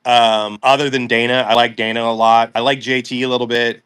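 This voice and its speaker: A man's voice: mid-range voice, little pitch movement, brisk, fairly bright tone, smooth. A man co-hosting a casual chat show, giving his opinions and reading out viewer questions. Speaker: co-host.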